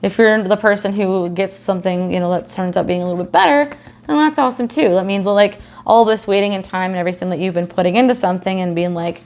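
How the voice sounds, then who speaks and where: Speaking fast in a mid-range, darkish voice, this young woman tarot reader keeps things casual and chatty, cursing freely as she plays out goofy scenarios.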